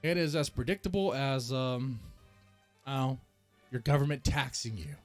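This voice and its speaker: Male reaction host, casual rambling rant, jokey and self-deprecating, mid-pitched, soft music bed. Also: normal speed. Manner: rambling, joking, self-mocking, animated swings in pitch. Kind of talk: casual ranting commentary.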